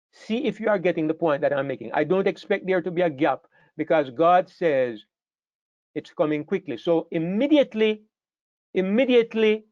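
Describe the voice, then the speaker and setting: A man's voice: a little high, no echo, lo-fi sound. A man teaching a Bible study class to a room of listeners, emphatic, repeating key words and checking that everyone follows.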